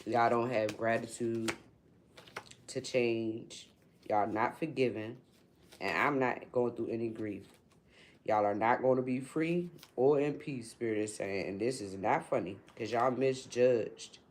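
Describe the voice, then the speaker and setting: Woman doing a spiritual reading livestream, cussing a lot, goes from low mumbling to loud high outbursts. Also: measured pace. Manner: blunt and profane, swings from low muttering to loud, high outbursts. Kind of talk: unscripted livestream rant.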